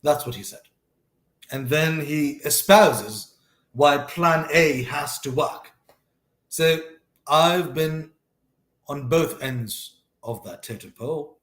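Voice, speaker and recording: A man's voice: fairly high pitch, takes it slowly, a bit bright. A man talking casually and thoughtfully about a life lesson, often restarting and correcting himself mid-sentence. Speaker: host sharing life lessons. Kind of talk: casual reflective monologue. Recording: roomy echo.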